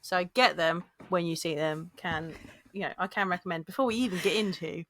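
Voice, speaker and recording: A woman's voice: on the low side, fairly even intonation, a little fast, fairly bright tone. A woman from Boston co-hosting a podcast, chatting enthusiastically about beer and laughing often. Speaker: podcast co-host. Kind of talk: casual chat about beer.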